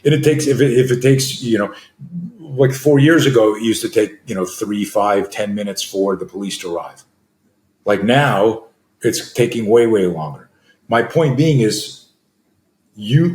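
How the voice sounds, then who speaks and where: A middle-aged self-defense coach with a medium-pitched, darkish voice answers interview questions, telling stories loosely with frequent fillers and restarts. The recording has an echoey room sound.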